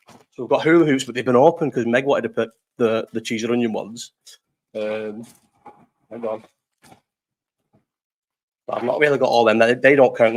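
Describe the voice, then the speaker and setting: A man in his thirties hosting a casual live chat, rambling through stories, swearing freely and laughing often. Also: medium pitch. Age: 30s. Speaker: live stream host. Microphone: desk mic set too low.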